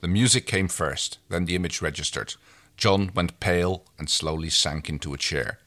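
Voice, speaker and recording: A man reading fan fiction aloud with animated delivery, often laughing with his co-host. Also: deep voice, moderate pace. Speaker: reader.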